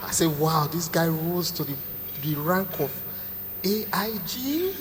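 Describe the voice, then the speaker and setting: A man's voice: on the high side, sing-song, unhurried, slight background noise. A middle-aged man with a Nigerian accent doing a live stand-up set, telling stories with Pidgin asides and acting out the people he quotes. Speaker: stand-up comedian. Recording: echoey hall, faint ambience.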